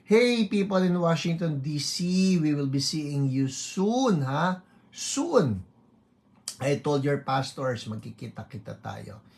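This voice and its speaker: A man's voice: medium pitch, vocal fry, darkish tone. A man with a Filipino accent, a pastor hosting an online service, playfully greeting viewers by name and teasing them as he goes, slipping between English and Tagalog. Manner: playful, reads viewer names aloud and teases. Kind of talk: casual livestream greetings to viewers.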